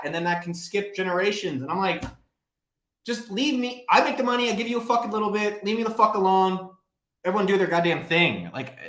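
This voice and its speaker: A man rambles through a casual live Q&A, swearing freely and riffing off viewers' questions. His voice sits a little high. The room around him gives a noticeable echo. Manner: profane, blunt, rambling and animated. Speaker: host of a live Q&A stream. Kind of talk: casual livestream Q&A. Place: home office, livestreaming. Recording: roomy echo.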